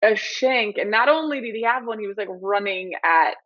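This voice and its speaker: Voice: mid-range voice, moderate pace, dry recording, lo-fi sound. A podcast co-host chatting casually, often giving short agreements. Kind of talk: casual chat.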